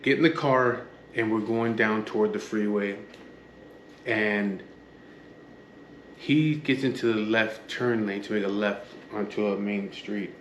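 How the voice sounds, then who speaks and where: A man's voice: on the low side, slight background noise. Blunt, profane man. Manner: blunt and profane, acts out the dialogue. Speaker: storyteller recounting his past. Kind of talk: casual spoken storytelling. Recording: roomy with faint background ambience.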